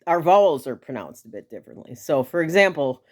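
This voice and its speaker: A woman's voice: low-pitched, sing-song, brisk. A woman from Milwaukee with a Milwaukee accent, chatting casually to camera in a chatty, enthusiastic way with fillers and laughs. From Milwaukee, Wisconsin. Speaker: vlogger.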